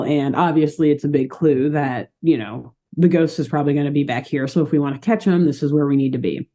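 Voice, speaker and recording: A young woman with a deep voice speaks a little fast while co-hosting a podcast. In casual chat, she animatedly recaps a cartoon's plot, laughing often as she tells it.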